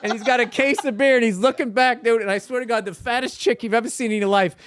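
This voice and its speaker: A man telling a story from his youth in casual chat, animated, laughing and swearing as he goes. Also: very high voice, fast talker, clean tone, no room sound, clean studio sound. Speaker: podcast guest.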